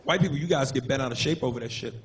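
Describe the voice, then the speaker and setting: A man doing a stand-up comedy set, brash and profane, telling animated stories on a club stage. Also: medium pitch, racing. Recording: live club with loud crowd and noise.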